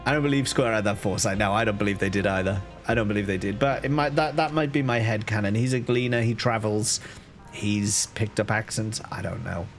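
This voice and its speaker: A man from Liverpool with a softened Liverpool accent, thinking aloud with restarts while streaming a game. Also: fairly low pitch, a little fast. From Liverpool, England. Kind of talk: casual live-stream commentary. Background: faint game music.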